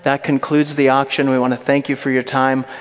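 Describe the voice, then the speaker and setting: Brief: courteous auctioneer, formal announcer tone, slightly raised voice, as a preacher acts him out, echoing room. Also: male voice, mid-range voice, level tone, brisk, lightly acted. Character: polite male auctioneer, formal.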